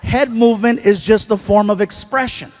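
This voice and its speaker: High-voiced animated male stand-up comic. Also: normal speed. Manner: animated, shouts punchlines, does voices. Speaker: stand-up comedian. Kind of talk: live stand-up storytelling. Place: theater stage before a live audience.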